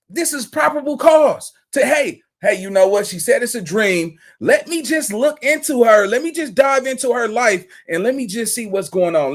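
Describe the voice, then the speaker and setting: Man, high voice, animated reaction commentary, exclamatory and slangy. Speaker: commentary show host.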